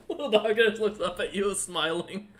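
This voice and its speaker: Rambling dungeon master, man, higher voice. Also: fairly bright tone. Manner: halting, full of fillers, easily amused. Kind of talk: narrating a tabletop game.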